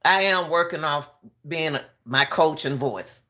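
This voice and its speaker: A middle-aged retired track coach hosts live commentary in a low-pitched, slightly slow, somewhat bright voice. She has a harsh coaching edge, sounds impassioned, and keeps repeating herself to her viewers.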